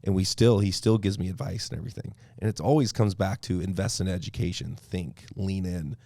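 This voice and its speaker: A podcast host from Idaho with a gravelly, fry-heavy voice that sits a little low. He rambles casually and leans on fillers while he talks. The sound is dry, with no room around it. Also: steady tone, fairly quick, warm tone, no room sound. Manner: rambling, conversational storyteller, many fillers. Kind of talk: casual interview chat.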